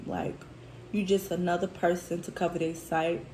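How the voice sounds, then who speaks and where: A woman's voice: fairly low pitch, little pitch movement, moderate pace, a little mellow, slight background noise. Profane, venting woman in an echoey room. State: tearful. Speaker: food vlogger. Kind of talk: casual storytime chat.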